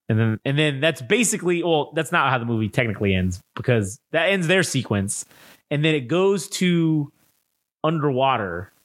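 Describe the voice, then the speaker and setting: A man co-hosting a casual film review podcast, recapping the plot in a profane, animated way and acting out characters' lines. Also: mid-range voice, dry recording. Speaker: podcast co-host.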